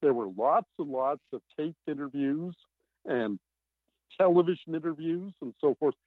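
A novelist being interviewed, talking in an animated, emphatic way with many fillers over a remote line. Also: male voice, on the high side, normal speed, dry recording. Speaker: novelist guest. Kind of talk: podcast interview. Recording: tinny phone-like line.

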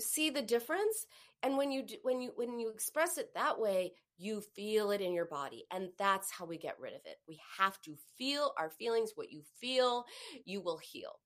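A woman's voice: medium pitch, animated, normal speed. A middle-aged woman coaching on emotions in a live teaching talk, acting out sighs and inner voices as she explains.

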